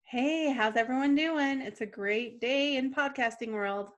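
A woman's voice: high voice, measured pace. A woman co-hosting a podcast, asking a guest questions in a friendly, breezy way. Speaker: podcast co-host.

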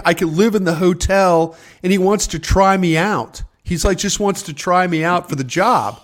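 An older man who used to be a scout tells rambling stories on a video call from his home office, acting out others' words in different voices. He has a high voice and talks at normal speed with few pauses.

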